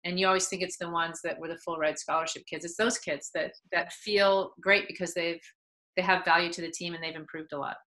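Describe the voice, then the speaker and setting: A woman's voice: fairly low pitch, fairly quick, poor audio. A middle-aged woman, a soccer head coach, telling stories in a casual interview and acting out the people she quotes. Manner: animated, acts out quoted people.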